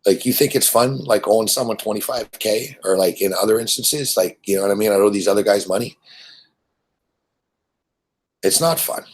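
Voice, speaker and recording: Blunt, husky-voiced man ranting. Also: fairly low pitch, moderate pace, pauses often. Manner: blunt, profane, rambling with repetitions. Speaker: sports betting show host. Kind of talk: profane ranting monologue.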